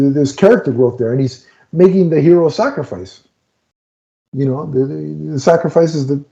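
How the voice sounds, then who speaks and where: Mellow-voiced man retelling a film, lo-fi. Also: on the high side, vocal fry. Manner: animated retelling, many restarts and fillers. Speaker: podcast co-host reviewing a film. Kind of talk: casual film review chat.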